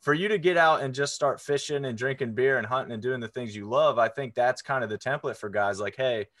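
A male podcast host talks in a laid-back, encouraging way, with a mid-range pitch. His voice sounds dry and close, with no room echo. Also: fairly quick, fairly bright tone. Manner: laid-back, encouraging, uses "man" and "dude". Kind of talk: casual chat.

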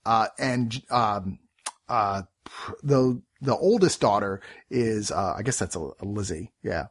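A man's voice: on the low side, slow. A man co-hosting a casual chat about a TV series, rambling, swearing and laughing as he acts out quotes. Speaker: podcast co-host reviewing a TV series.

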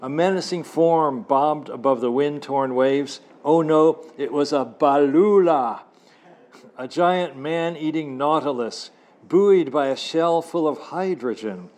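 A man reading his own adventure novel to a live audience in a cafe, expressive and wry, adding asides. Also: a little high, slow. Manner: wry, expressive storyteller who adds asides.

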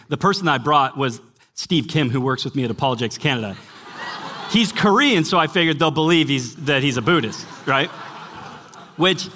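A pastor and former college teacher, speaking at a medium pitch with a fairly bright tone, preaches to a young adults gathering at church before a live audience. Over slight background noise, he tells stories emphatically and keeps repeating "listen."

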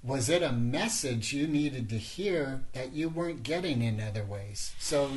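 A man interviews a guest at a measured pace, asking probing, personal questions. He speaks in an ordinary mid-range voice. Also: mid-range voice, animated.

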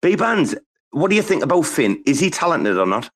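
A man's voice: a little high, big pitch swings, normal speed. Swearing man hosting loose banter. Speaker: host. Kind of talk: casual chat.

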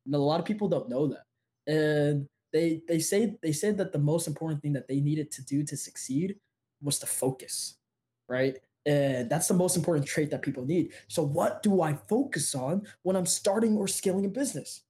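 Young man from Jersey, mellow voice. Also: moderate pace. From New Jersey. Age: young adult. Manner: energetic storyteller, pitching to listeners. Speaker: interview guest, business owner. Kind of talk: casual interview storytelling.

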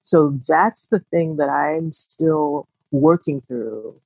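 A woman's voice: sits low, slow, a little mellow, husky, no echo, poor audio. A woman co-hosting a podcast, speaking candidly and reflectively in a casual, heartfelt conversation. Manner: reflective, candid, rising emphasis. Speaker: podcast co-host.

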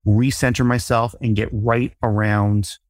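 A man hosting a podcast interview, talking in a reflective, measured way and openly about himself. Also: medium pitch, flat delivery, no echo, studio quality. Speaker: podcast host.

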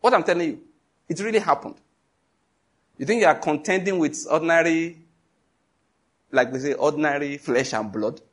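A middle-aged man with a Nigerian accent preaching a sermon, emphatic and animated, full of rhetorical questions. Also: on the high side, moderate pace, long pauses, breathy edge.

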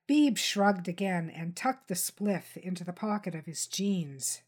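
A woman reading a tense crime novel aloud in steady, dramatic scripted narration. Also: fairly low pitch, unhurried, few pauses, breathy edge. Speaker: audiobook narrator.

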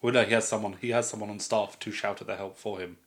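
A man's voice: lowish voice, steady tone, fast. A man co-hosting a podcast, chatting casually with dry, cutting asides. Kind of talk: casual chat.

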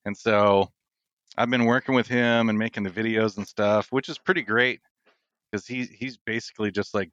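Male podcast guest, low voice, dry close mic, relaxed storyteller. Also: normal speed, dry recording, highs cut off. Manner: storytelling, laughs often, relaxed. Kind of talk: casual chat.

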